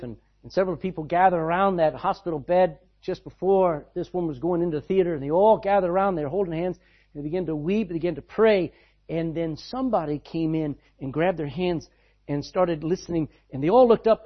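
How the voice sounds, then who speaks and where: Male preacher, husky and a little high-pitched, dramatic loud-soft delivery; muffled lo-fi recording. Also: fairly quick. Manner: dramatic swings between loud and hushed. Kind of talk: sermon. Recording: dull lo-fi sound.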